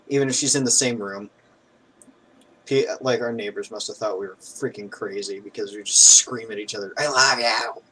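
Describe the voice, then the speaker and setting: A man co-hosting a stream in casual chat, easygoing and hesitant, filling pauses with "uh". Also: lowish voice, fairly even intonation, fairly bright tone, breathy edge, low-quality recording.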